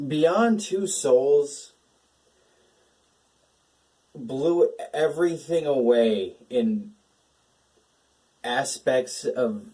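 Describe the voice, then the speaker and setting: A man's voice: medium pitch, extremely slow, pauses often, mellow, far from the mic, slight background noise, rough recording. A young man hosting a casual gaming talk, emotional and swearing, laughing between his words. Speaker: gaming channel host.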